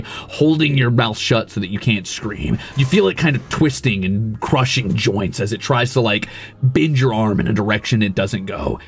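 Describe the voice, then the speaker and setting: Male game master, lively intonation, vivid horror narration. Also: lowish voice.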